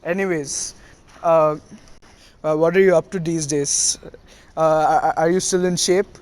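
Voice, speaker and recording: A man's voice: on the high side, steady tone, measured pace, darkish tone, clear, resonant tone, natural voice. A man voicing a cheeky, teasing young male ninja in an easygoing tone.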